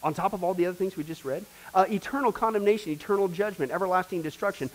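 A man's voice: high voice, fast talker, few pauses, poor audio. Emphatic man teaching a church class. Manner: emphatic, repetitive, addresses the class directly. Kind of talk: sermon-style class teaching.

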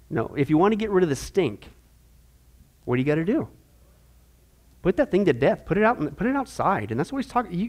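A man with a high-pitched voice leads a Bible class for disciples. He talks in a chatty, animated way and leans on everyday analogies. He keeps checking in with the group, asking "okay?".

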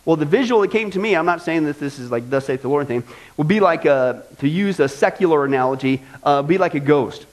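A man's voice: a little high, lively intonation, fairly quick. A male pastor preaching a sermon in a folksy style, driving points home with repetition.

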